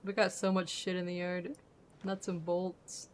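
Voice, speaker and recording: A woman's voice: fairly low pitch, level tone, unhurried, a little hiss or hum. Chatty woman streamer, voice going. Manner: chatty, thinking aloud, trailing off with fillers. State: losing her voice. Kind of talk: casual gameplay commentary.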